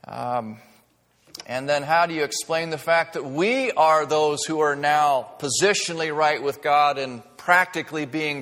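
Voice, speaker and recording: A man preaching a sermon to his congregation in a church, teaching earnestly, with rising emphasis and hushed asides. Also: on the high side. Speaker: pastor. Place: church sanctuary. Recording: long reverb of a large church.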